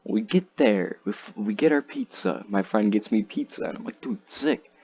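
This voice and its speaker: Teen boy, deep and slow, casual profane storyteller, muffled lo-fi recording. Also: sing-song, a little mellow, husky. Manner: rambling, profane, frequent "like" and "dude". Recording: slightly dull lo-fi audio, faint noise.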